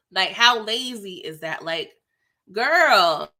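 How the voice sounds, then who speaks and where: A woman's voice: fairly high pitch, expressive, measured pace, bright, forceful tone. A young woman giving a sassy, slangy, casual recap of a reality TV episode, full of "like" and "girl".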